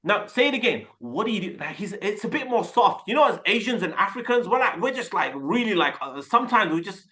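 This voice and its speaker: A man in his forties from Birmingham with a Birmingham accent, Urdu as his first language, coaching a group on a video call in an energetic, chatty way and often restarting his words. He talks through a desktop webcam mic. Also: high voice, brisk, few pauses. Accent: Birmingham English. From Birmingham, England. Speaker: sales coach.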